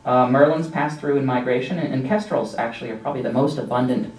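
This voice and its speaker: A man gives a relaxed, rambling slideshow lecture on nature to a live audience. His mid-pitched voice is full of ums and offhand asides. It is picked up from across the room, with a roomy echo around it. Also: fast. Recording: echoey room from a distance.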